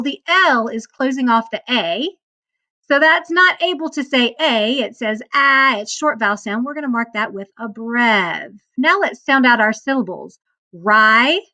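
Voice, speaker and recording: A woman with a somewhat high voice teaches a recorded phonics lesson. She goes step by step, patiently sounding out each syllable for young learners. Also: pushed and bright. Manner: patient step-by-step instruction, sounding out words slowly.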